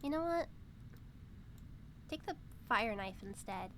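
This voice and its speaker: A woman's voice: on the high side, lively intonation, slow, a little hiss or hum. A young woman streamer chatting casually over a game, playful and dramatic, breaking into giggles. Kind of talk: casual gaming stream chat.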